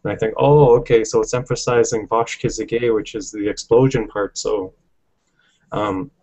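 A man teaching a language lesson, explaining patiently step by step, often pausing with ums. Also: lowish voice, steady tone, darkish tone, low-quality recording.

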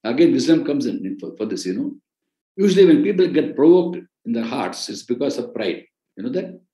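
A man's voice: mid-range voice, big pitch swings, brisk, mellow, echoey room, rough recording. A man with an Indian accent preaching in an earnest way, repeating key phrases for emphasis. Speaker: ministry president and preacher. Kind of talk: sermon-style teaching on a podcast.

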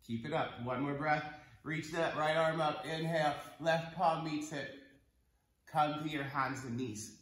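Guy teaching kids yoga at home, slow easy pace, roomy echo, lots of encouragement. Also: a little high, fairly even intonation, a bit bright. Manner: encouraging and playful, counts breaths. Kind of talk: guiding a kids yoga class. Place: home room.

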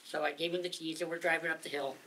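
A woman telling a humorous story live at a gathering, dramatic and lively, laughing along as she goes. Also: low-pitched, fast talker, a little hiss or hum. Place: gathering of singers, indoors.

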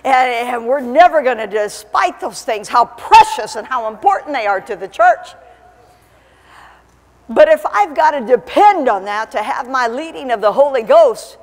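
A woman's voice: a little high, animated, normal speed. Woman evangelist preaching in a reverberant church. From Alaska. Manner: storytelling with humor, building to fervent preaching. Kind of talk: sermon. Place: church sanctuary.

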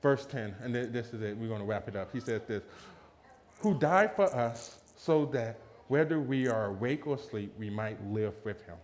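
A man preaching a lively sermon, telling a personal story and acting out quotes with laughter. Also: medium pitch, moderate pace. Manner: animated, laughing, acts out quotes in a raised voice.

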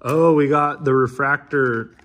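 A man's voice: medium pitch, steady tone, measured pace, a bit bright. A man in his thirties opening trading card packs in a casual vlog, reading names aloud with wry, mumbled asides. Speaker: card opener.

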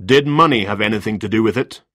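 Cold polite detective guy, man reading it, a bit husky, asks questions flat and formal. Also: fairly low pitch, quick pace, no echo, clean studio sound. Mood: probing. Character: cool, formal male police detective. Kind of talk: storybook reading.

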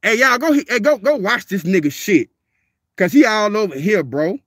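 A man, speaking very high for a man, rants on a livestream. He is blunt and profane, hammering the same lines over and over. The sound is dry and close, with no room echo. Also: lively intonation, normal speed, fairly bright tone. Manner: profane, confrontational, repeats himself. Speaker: dog breeder and livestreamer. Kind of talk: livestream rant.

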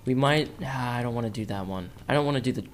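A man's voice: mid-range voice, fast talker, slight background noise. A young man giving rambling, joking commentary while playing a video game, chatting to the characters on screen. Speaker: gaming YouTuber. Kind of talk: let's play commentary. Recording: game music behind the voice.

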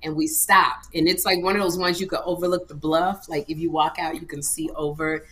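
A woman's voice: low voice, level tone, fairly quick, a bit bright. A middle-aged woman co-hosting a comedy livestream, telling a story with dramatic flair. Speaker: comedy show co-host. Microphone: livestream microphone.

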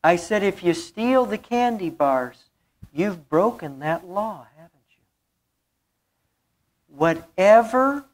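A woman's voice: mid-range voice, animated, takes it slowly, long pauses, a little mellow. A woman pastor preaching a sermon, telling a story and repeating key phrases for emphasis.

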